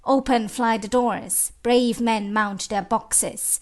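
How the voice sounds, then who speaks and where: A woman reads an audiobook in a slow, expressive recitation, her voice sitting a little high. A gravelly edge runs under her words, and she lets dramatic lines climb. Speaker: audiobook narrator. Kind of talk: audiobook reading of literary passages.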